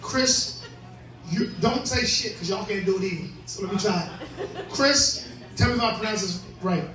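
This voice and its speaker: An animated man with a high-pitched voice keeps a moderate pace as he hosts a comedy club show. He's profane and brash with the crowd, laughs frequently, and sounds a bit drunk; the sound is echoey and distant, with crowd noise.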